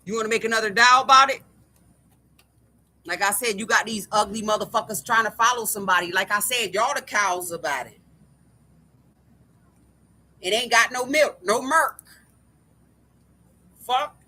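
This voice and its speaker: A woman's voice: medium pitch, a little slow, pauses often, pushed and bright, slightly rough. A woman delivering an angry, profane monologue to camera, repeating herself again and again.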